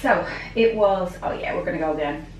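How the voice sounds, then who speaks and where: A woman practitioner talks a client through a treatment in a clinic. She speaks fast and reassuring, often repeating herself. She sounds distant in a roomy space with faint hum behind her. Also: fairly low pitch. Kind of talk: casual consultation.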